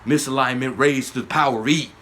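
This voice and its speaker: A man hosting his own channel, giving a spiritual monologue, often asking "yes?", swinging between loud emphatic bursts and low murmurs. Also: a little hiss or hum. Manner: slow, repeating "yes?" often. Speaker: channel host.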